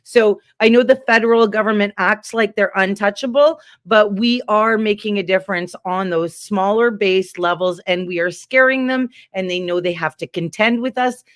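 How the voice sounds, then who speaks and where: A woman's voice: medium pitch, normal speed, few pauses, dry recording, clean studio sound. Heated, rambling woman guest. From Canada. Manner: rambling, heated, animated storytelling with many fillers. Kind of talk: casual political chat.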